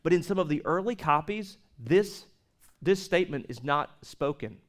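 Man, pastor, sermon, slightly high voice, emphatic, loud-to-hushed swings, many restarts. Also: animated, moderate pace. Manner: frequent restarts and repeated words. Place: church service with projected slides.

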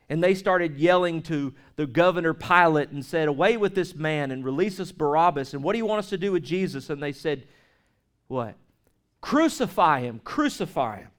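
A man with a slightly high voice preaching a sermon. He presses hard on key words, then drops to a hush, often restarting and repeating himself as he goes. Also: clean tone. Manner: emphatic, swings between loud stress and hushed lines. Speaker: pastor. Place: church service with projected slides.

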